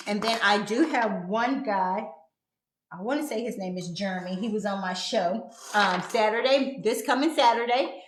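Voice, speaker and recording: A woman's voice: mid-range voice, moderate pace, a little hiss or hum. A woman hosting her own talk show, speaking in a casual, earnest and heartfelt way while encouraging her viewers. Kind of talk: casual live-stream talk. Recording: echoey room.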